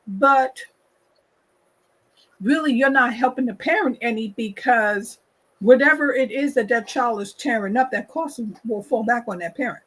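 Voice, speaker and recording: Husky high voiced woman host, talks slow and emphatic, says her points over and over. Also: low-quality recording. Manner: emphatic, repeats points, acts out quoted people. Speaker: talk show host. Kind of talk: opinionated casual discussion.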